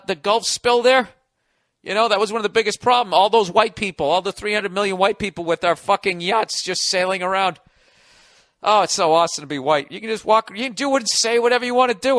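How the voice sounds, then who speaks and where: A man's voice: high-pitched, brisk, fairly bright tone, no echo, clean studio sound. A middle-aged American man hosting a podcast, delivering a sarcastic, profane comedic rant. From United States. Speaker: podcast host.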